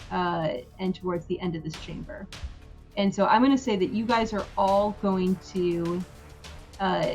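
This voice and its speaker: A woman acting as game master who narrates a tabletop game scene unhurriedly, with many fillers. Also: medium pitch.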